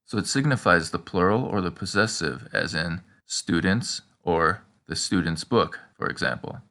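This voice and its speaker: Low, gravelly-voiced man teaching a lesson. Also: bright, forceful tone. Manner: prompting the listener with questions and pauses; slows down for example sentences. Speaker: language teacher. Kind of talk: scripted language lesson.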